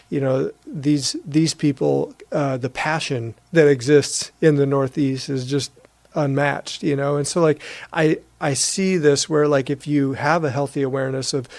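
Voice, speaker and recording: A man's voice: medium pitch, vocal fry, a little mellow, no echo. A man hosting a podcast interview, talking in a loose, rambling way with many fillers. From American Midwest. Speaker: podcast host. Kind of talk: casual conversational interview.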